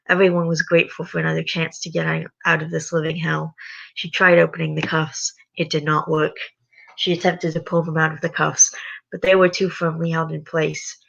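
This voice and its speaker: Tired young woman streamer reading a story aloud, low gravelly voice, bit bright, muffled lo-fi audio. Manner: chatty, hesitant, self-correcting. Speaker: livestream host reading a story. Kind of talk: casual livestream, reading aloud. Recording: dull lo-fi sound.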